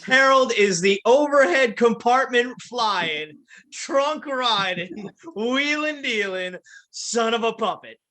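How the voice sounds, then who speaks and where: A man's voice: extremely high pitch, lively intonation, slow pace, pushed and bright. A man hosting a casual podcast, introducing co-hosts with playful wrestling-announcer flourishes. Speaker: podcast host.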